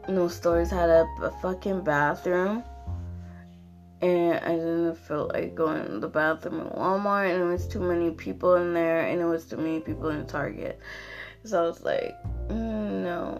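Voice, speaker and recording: A young woman hosting her own podcast, ranting casually with lots of fillers and swearing, sounding tired. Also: sits low. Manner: rambling, profane, frequent fillers. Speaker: podcast host. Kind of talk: casual solo rant.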